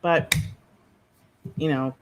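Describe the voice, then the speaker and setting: Hosting a writing-sprint livestream, a woman trades playfully dramatic, teasing banter with her chat and her partner. She talks casually and extremely slowly in a low, somewhat monotone voice, and the recording quality is poor.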